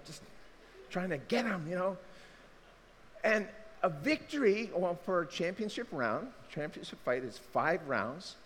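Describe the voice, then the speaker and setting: A man preaching a sermon, swinging between quiet asides and loud, emphatic bursts as he works through a passage. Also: a little high, slight background noise. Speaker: pastor. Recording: hall reverb with faint ambience.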